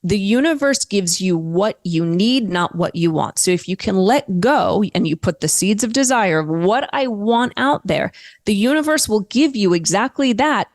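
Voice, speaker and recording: A woman guest in a casual interview, talking candidly and telling stories in a lively way, with the odd swear word. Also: medium pitch, normal speed.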